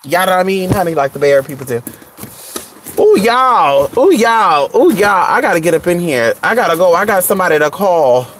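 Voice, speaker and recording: A vlogger in a casual gossip chat outdoors in the cold, sassy and animated, calling listeners honey and girl. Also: mid-range voice, very fast, hardly any pauses, slight background noise.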